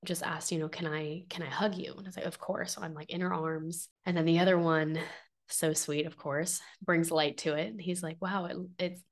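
A young adult woman talks through a personal story on her podcast in a lowish, fairly flat voice. She sounds earnest and heartfelt, emotional and close to tears, and her speech wanders with fillers and restarts. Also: normal speed. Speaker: podcast host. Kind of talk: personal reflective monologue.

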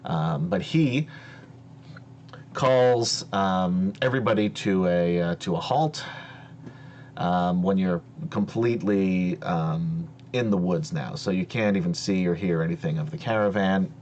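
A man narrating as game master of a tabletop game, slow and hesitant with many fillers. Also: deep voice, darkish tone, dull audio, slight background noise.

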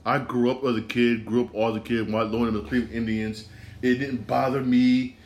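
A man's voice: mid-range voice, flat delivery, a little fast. A man hosting a casual solo sports podcast, rambling and repeating himself, with bursts of ranting.

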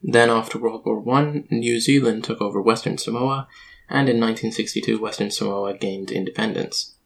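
Man, low voice, gravelly, explains facts like a lecture. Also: moderate pace, low-quality recording. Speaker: podcast co-host. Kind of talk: casual chat.

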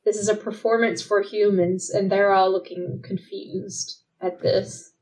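A woman's voice: medium pitch, flat delivery, unhurried, darkish tone, rough recording. A woman co-hosting a casual movie podcast, explaining scenes carefully and giggling now and then. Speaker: podcast co-host. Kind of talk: casual movie recap chat.

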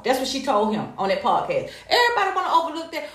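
An American woman giving casual, sassy gossip commentary, animated and profane. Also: high voice, fast talker, hardly any pauses. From United States. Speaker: commentary vlogger. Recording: echoey room.

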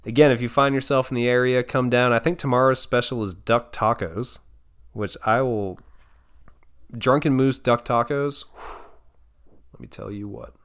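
Guy cohosting a podcast, bright sharp voice, jokey and swears a lot. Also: medium pitch, moderate pace, pauses often, smooth. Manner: playful, loose, swears freely. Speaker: podcast co-host. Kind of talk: casual podcast chat.

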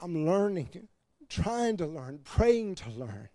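A man preaching as pastor, animated, laughing between points and dropping to quiet emphasis. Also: high voice, takes it slowly, no room sound, studio quality. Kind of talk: sermon.

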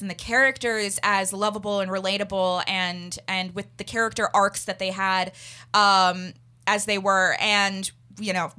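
A woman co-hosting an anime podcast, chatting casually and rambling through her review with lots of restarts. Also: medium pitch. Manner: rambling, animated, laughs often. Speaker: podcast co-host.

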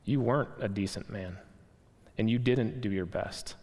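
A man voicing a calm, gentle spirit who answers patiently in a lowered, soft voice. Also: normal speed. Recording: long hall reverb.

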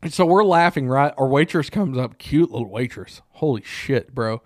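A man co-hosting a podcast, telling a profane, animated story in casual chat. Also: medium pitch, moderate pace, no room sound, clean studio sound. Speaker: podcast co-host. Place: small room.

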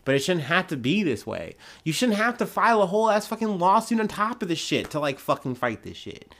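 A man's voice: high voice, very animated, a little fast, a bit bright. A young man hosting a solo news podcast, ranting heatedly with frequent swearing. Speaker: podcast host. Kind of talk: casual solo commentary.

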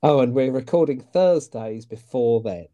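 A man co-hosting a podcast, with a mellow, warm tone. He is wry and teasing, and chats casually. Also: mid-range voice, normal speed, lo-fi sound. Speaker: podcast co-host. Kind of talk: casual chat.

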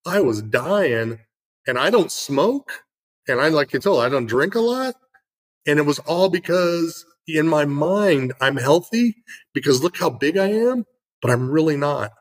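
A man's voice: fairly high pitch, expressive, a little slow, low-quality recording. A middle-aged man in casual conversation, telling an earnest story with lots of fillers.

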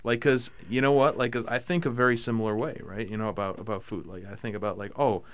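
Young male podcast host, slightly low voice, rambling casual delivery. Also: quick pace, clean tone. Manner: rambling, excitable, lots of fillers. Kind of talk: casual chat.

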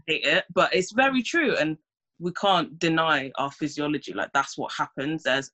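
A woman's voice: deep voice, moderate pace, bright, forceful tone. A young woman, chatting casually and acting out her own reactions. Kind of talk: casual chat.

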